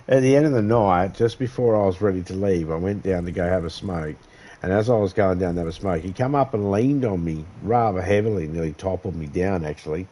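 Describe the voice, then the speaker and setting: A man's voice: deep voice, darkish tone, husky, low-quality recording. A man with an Australian accent rambling through a sweary anecdote in a casual chat while gaming. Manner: rambling, sweary storytelling with laughs. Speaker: gaming streamer.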